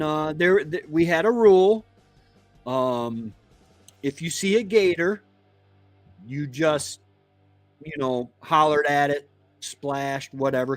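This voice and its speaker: A man from Florida who hosts a homestead live stream, telling a casual story in a meandering, halting way. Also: medium pitch, no room sound. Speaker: homestead channel host.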